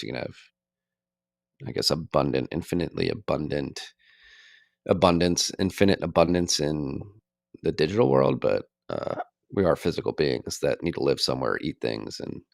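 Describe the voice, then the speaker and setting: Very deep, gravelly male podcast host. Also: lively intonation, normal speed, long pauses, dry recording, clean studio sound. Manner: wry, musing, loose. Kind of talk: casual podcast chat.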